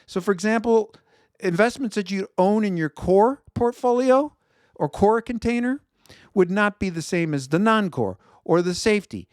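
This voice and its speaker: Hosting an investment show, this Chicago man with a local accent gives conversational market commentary, reads viewer feedback, and corrects himself along the way. He speaks at normal speed in a high, expressive voice with a darkish tone, in clean studio sound with no room noise.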